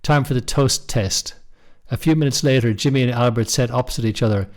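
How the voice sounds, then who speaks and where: A man narrates his own short story in a steady, measured reading voice. His pitch sits in the middle range for a man. It is scripted storytelling, calm and even throughout. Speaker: storyteller and author.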